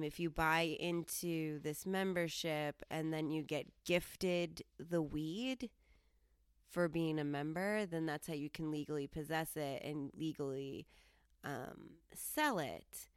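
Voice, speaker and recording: Low smooth-voiced woman telling a story. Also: no room sound, clean studio sound. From Colorado. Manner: lively, jumps high when quoting herself. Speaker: podcast host. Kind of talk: casual storytelling.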